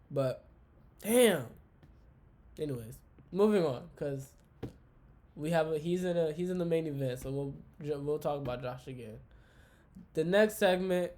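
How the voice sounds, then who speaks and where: A man hosting a casual wrestling recap for a live chat, with slangy, profane, excitable banter. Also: fairly high pitch.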